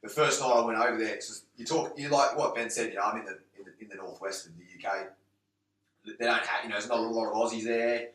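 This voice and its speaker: A man's voice: fairly low pitch, steady tone, fast, a bit bright. A man in casual podcast chat, rambling through stories with lots of "mate" and "you know". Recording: roomy, distant mic.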